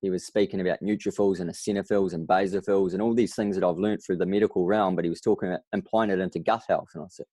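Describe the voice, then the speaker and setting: This New Zealander, a podcast guest with a deep and low-pitched voice, talks quickly with hardly any pauses in a relaxed interview. He animates his story by performing other people's lines. The audio is close and dry.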